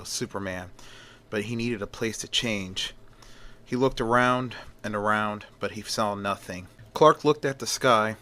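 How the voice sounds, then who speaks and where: A man's voice: on the low side, bright, forceful tone. A man casually narrating a fan story in a rambling way, with fillers and restarts.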